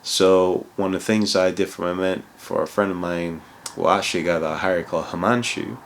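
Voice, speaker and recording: A man's voice: low voice, fairly even intonation, fairly quick, vocal fry, a little hiss or hum. A man who moved to England from abroad, a consultant giving casual career advice in a rambling way, full of restarts and "you know". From outside England, moved there.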